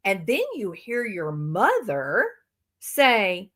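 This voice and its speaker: A woman's voice: on the high side, sing-song, fairly bright tone. A woman hosting a livestream, giving emphatic, sarcastic reaction commentary. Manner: emphatic and sarcastic, drawn-out phrasing. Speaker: livestream host.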